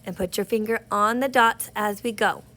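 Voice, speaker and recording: A woman teaching an early reading lesson, slowly sounding out words for young children. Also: medium pitch, sharp tone. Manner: slow, patient, sounding out words, speaks to kids.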